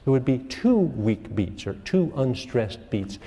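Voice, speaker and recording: A man's voice: mid-range voice, unhurried, big-room sound. A man teaching a music class, asking the students questions and humming rhythms to show the beat. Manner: lively, asks questions, hums rhythms. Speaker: music lecturer. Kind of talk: classroom lecture.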